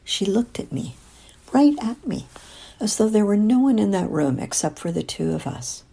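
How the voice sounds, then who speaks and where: Gravelly, husky older woman narrating. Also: medium pitch, expressive, moderate pace, warm tone. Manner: wry, confiding, with frequent whispered passages. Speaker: audiobook narrator. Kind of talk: first-person storybook narration.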